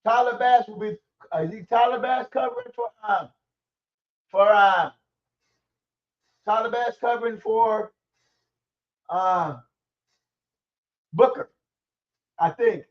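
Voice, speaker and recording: A man's voice: sits high, very animated, slow, pauses often, far from the mic, lo-fi sound. A man ranting angrily and profanely about his football team on a stream. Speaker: sports commentary streamer. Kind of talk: angry sports rant.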